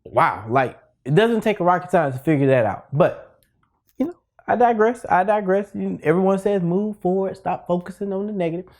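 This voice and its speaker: A man's voice: high voice, lively intonation, moderate pace, a little mellow. A man hosting a casual video lesson for teachers, talking in a playful, conversational way full of asides. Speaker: teacher and education video host.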